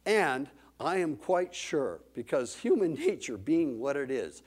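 Animated man preaching a sermon. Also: a little high, unhurried, breathy edge. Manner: animated storytelling, dramatic reading of scripture.

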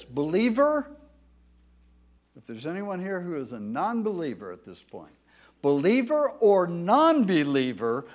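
With a high voice and emphatic delivery, this pastor grows loud whenever he reads scripture aloud. His sermon includes some halting restarts.

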